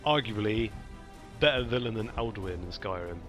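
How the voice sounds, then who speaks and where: Chatty gamer. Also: male voice, lowish voice, expressive, normal speed, fairly bright tone, soft background music. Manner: chatty, playful asides. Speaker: let's play host. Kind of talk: casual gameplay commentary.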